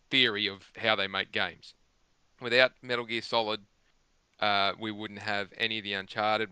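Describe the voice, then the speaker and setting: A man's voice: on the low side, sharp tone, clean tone, no echo. A man talking at length on a gaming podcast, rambling and emphatic, restarting his sentences often. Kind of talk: casual chat.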